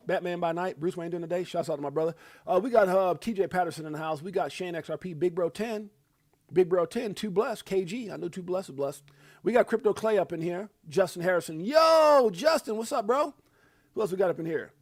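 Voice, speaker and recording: A middle-aged man hosting a livestream, calling out viewer shout-outs in a playful, animated, joking way. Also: high voice, no echo, studio quality. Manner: animated, playful, joking, drawn-out hype calls. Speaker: livestream host.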